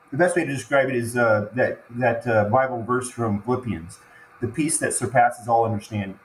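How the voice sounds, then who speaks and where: A man tells a deeply personal story as a podcast guest, and his voice sits at an ordinary middle pitch. He stumbles, restarts and repeats words as the feeling catches up with him. The recording is echoey, with a faint hum of ambience behind him. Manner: halting, repeats words and restarts when moved.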